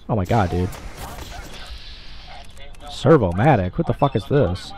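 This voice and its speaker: A young man giving excitable, profanity-heavy commentary while playing a video game, with frequent loud outbursts. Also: fairly low pitch, unhurried, long pauses. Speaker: gamer. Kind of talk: let's play commentary.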